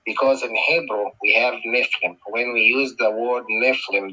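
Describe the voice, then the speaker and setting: Bright-voiced man on a phone line. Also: medium pitch, fairly even intonation. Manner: explanatory, speaks in short halting phrases. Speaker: guest speaker. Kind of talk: explaining scripture in a conversation.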